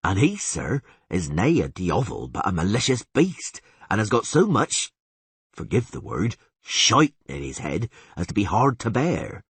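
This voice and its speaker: Man doing a slow peasant elder. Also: fairly low pitch, wildly swooping pitch, husky, no echo, heavily acted. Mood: aggrieved. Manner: slow, plodding, folksy speech. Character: rustic old male peasant elder, slow and earnest.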